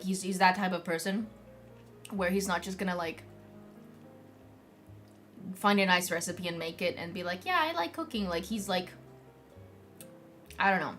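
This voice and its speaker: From her home streaming setup, a young vtuber chats casually with viewers, rambling and leaning heavily on "like" and other fillers. Her voice is on the low side and a bit bright.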